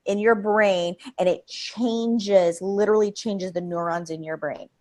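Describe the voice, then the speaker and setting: Woman guest, lively, rambling delivery, interview setting. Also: medium pitch, unhurried. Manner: energetic, rambling, laughs often. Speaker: creativity expert guest. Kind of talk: live interview conversation.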